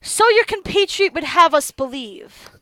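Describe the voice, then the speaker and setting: A woman voicing a theatrical male nobleman with smooth, showy courtesy in a tabletop game. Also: extremely high pitch, animated, a little slow, sharp tone, no room sound, exaggerated voice. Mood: fawning.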